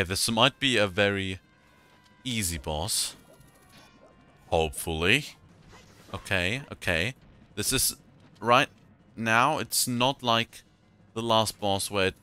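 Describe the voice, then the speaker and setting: A man's voice: low-pitched, bright, forceful tone, a little hiss or hum. A man giving casual commentary while playing a video game, joking, rambling and swearing at what happens on screen. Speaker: let's play gamer.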